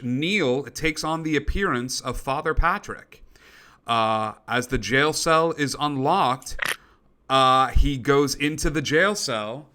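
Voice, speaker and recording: Bright-voiced man narrating a tabletop game. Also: mid-range voice. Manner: halting, many "uh" fillers. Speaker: game master.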